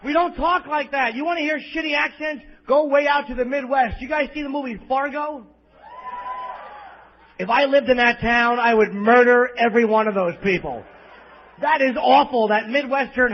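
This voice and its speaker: A New Jersey man with a very high voice does a crude, profane stand-up set on a comedy club stage at a normal speed, ranting abrasively at the audience. The audio is a lo-fi live bootleg with faint crowd ambience.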